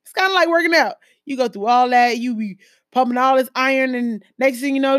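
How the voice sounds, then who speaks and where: A woman from a Jamaican family speaks in a relaxed, personal way, leaning on "like" and "um" and pushing hard on certain points. Her voice sits a bit high. The sound is dry and close, with no room echo. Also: fairly quick. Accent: American with Jamaican-family roots. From Caribbean, Jamaican family. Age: adult, a mother. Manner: conversational, lots of fillers, animated emphasis. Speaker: speaker sharing personal stories. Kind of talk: casual personal talk.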